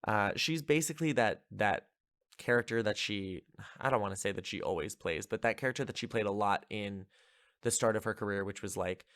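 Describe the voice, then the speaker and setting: A man with a fairly low voice talks through a movie plot in a loose, chatty way, dropping "like" everywhere and sounding amused. The recording is dry and close, with no room sound. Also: brisk, fairly bright tone, dry recording. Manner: chatty, lots of filler "like", amused. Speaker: podcast host. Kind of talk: casual movie recap.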